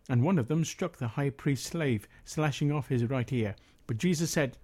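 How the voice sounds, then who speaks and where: Man reading the bible out loud at a prayer meeting, mellow relaxed voice, steady, some uhs when he talks off the page. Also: mid-range voice, normal speed, hardly any pauses. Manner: steady reading, with hesitant fillers when speaking freely. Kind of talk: Bible reading and spoken commentary.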